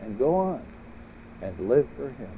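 A man preaching an earnest sermon at a slow, deliberate pace, now and then climbing to emphatic peaks. The sound is thin and phone-like, with a faint hiss underneath. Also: mid-range voice, sing-song. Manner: earnest, rising to emphatic peaks with repeated questions. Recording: tinny phone-like audio with faint noise.

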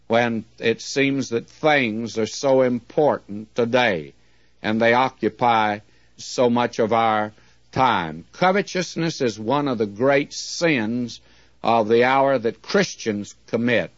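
A man preaching a sermon in a measured, earnest way, with slow, emphatic readings. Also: mid-range voice, dry recording. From United States. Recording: dull, dry lo-fi recording.

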